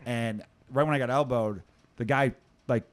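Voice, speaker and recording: A man's voice: mid-range voice, fairly even intonation. A man in his thirties with a Chicago accent, hosting a casual podcast chat, telling stories and swearing freely. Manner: fast, storytelling, swears freely. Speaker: podcast host.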